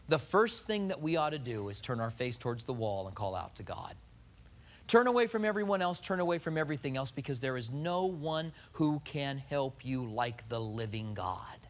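A male pastor preaches with a fairly high voice that swoops up and down with feeling. He fires off rhetorical questions at the congregation and acts out everyday quotes along the way. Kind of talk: sermon.

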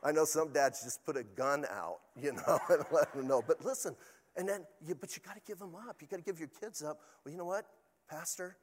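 A man's voice: fairly high pitch, brisk, long reverb tail, slight background noise. An older man, a pastor, preaching a sermon in a chatty, storytelling way with asides to the congregation.

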